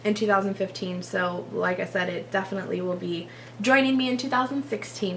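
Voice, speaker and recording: A woman's voice: mid-range voice, fairly even intonation, brisk, a bit bright, slight background noise. A woman YouTuber from Texas talking casually to her viewers in a chatty, gushing way, with frequent laughs and long run-on sentences. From Texas, USA. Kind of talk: casual vlog talk to viewers.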